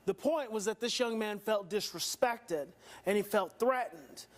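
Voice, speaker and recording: A man's voice: high voice, expressive, measured pace. A male seminar presenter talks parents and staff through a clip. He explains patiently and keeps posing questions back to the room. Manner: explanatory, asks the audience rhetorical questions. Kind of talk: teaching seminar commentary.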